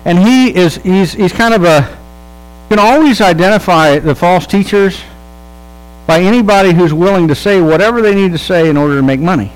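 A pastor giving a sermon in a relaxed, humorous storytelling manner, checking in with his listeners and acting out the people in the story. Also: high-pitched, a little fast, clear, resonant tone, low-quality recording. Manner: casual, humorous storytelling with quoted voices; conversational, checks in with the audience.

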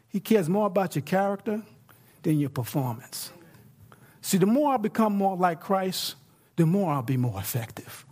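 A middle-aged man with a high-sitting voice preaches a sermon as pastor. He speaks conversationally, alternating hushed points with excited bursts.

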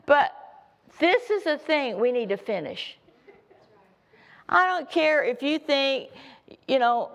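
A woman's voice: high-pitched, animated, a little slow. A middle-aged woman preaching a sermon, telling folksy, humorous personal stories.

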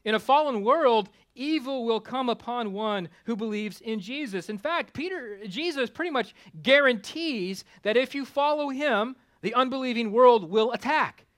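A male pastor preaching a conversational sermon with self-deprecating humor, climbing louder for emphasis and dropping low for asides. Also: lively intonation, moderate pace, hardly any pauses. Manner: rises in pitch and volume for emphasis, drops low for asides.

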